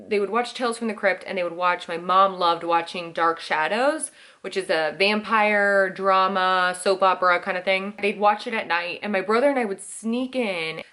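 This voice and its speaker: A woman's voice: mid-range voice, moderate pace, bright, forceful tone. A woman in her thirties chatting casually as a vlogger, answering Q&A questions and acting out quotes along the way. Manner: chatty, many "like"s, acts out quotes. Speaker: vlogger host. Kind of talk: casual Q&A chat.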